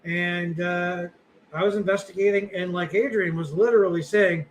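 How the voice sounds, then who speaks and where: A middle-aged man co-hosts a podcast, rambling casually and poking fun at himself with plenty of filler words. His voice is high-pitched and steady, at a moderate pace. The low-quality recording carries a faint hiss or hum.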